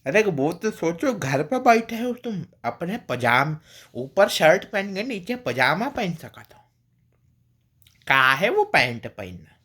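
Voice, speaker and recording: A man doing a rustic, chatty character with a heavy Bhojpuri accent, talking in a rapid, animated rush. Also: slightly rough, full character voice. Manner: rapid, animated, high-energy gabbing.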